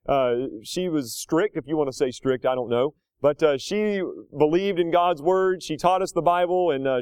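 A man's voice: fairly high pitch, a little mellow, clean tone, no echo. A middle-aged male pastor preaching a sermon in a conversational way, drifting into homely anecdotes and back.

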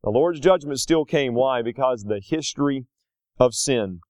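A man's voice: medium pitch, normal speed, a little mellow, no echo, clean studio sound. A man preaching a sermon as a pastor, in a folksy storytelling way with acted asides.

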